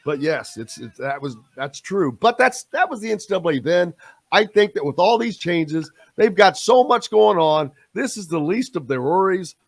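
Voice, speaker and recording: A man's voice: high-pitched, animated, normal speed, vocal fry, no echo. A male sports radio host speaking emphatically and jumping in to disagree.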